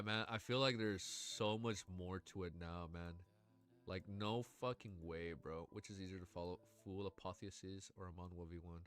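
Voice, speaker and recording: Male streamer with a bright, forceful voice and a stuffy nose, excitable and profane, faint music behind. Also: fairly low pitch. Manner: excitable, swears a lot, emotional. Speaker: livestreamer. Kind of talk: casual livestream reaction and reading aloud.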